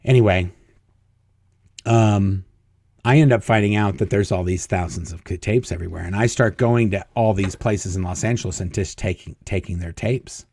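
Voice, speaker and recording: Low-voiced man telling rambling anecdotes. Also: normal speed, a little mellow, no room sound. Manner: rambling anecdotes, acting out quoted dialogue. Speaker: guest telling his story. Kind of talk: casual storytelling interview.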